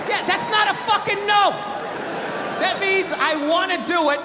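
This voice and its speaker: A man doing a stand-up routine, ranting loudly and swearing a lot. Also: extremely high pitch, very animated, normal speed, over a noisy crowd. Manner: ranting, profane, loud and emphatic. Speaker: stand-up comedian. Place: comedy stage before a live audience. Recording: live stage recording, long reverb, audience noise.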